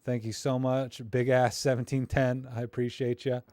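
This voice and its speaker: Male streamer, middle-pitched voice, chatty and rambling, dry close sound. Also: flat delivery, moderate pace, a little mellow, no room sound. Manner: rambling, filler-heavy, self-deprecating; friendly, encouraging toward viewers. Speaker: livestream host critiquing viewer photos. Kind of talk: casual live-stream commentary.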